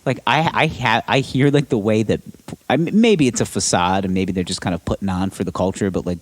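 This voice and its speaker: A man's voice: fairly low pitch, a little fast. A young man co-hosting a podcast, chatting casually and rambling through stories with casual swearing. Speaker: podcast co-host. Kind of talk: casual chat.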